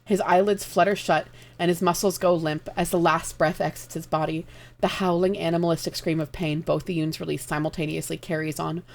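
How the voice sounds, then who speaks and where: A woman streamer reading a dark fantasy story aloud live, narrating in an expressive, dramatic way. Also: sits low, creaky.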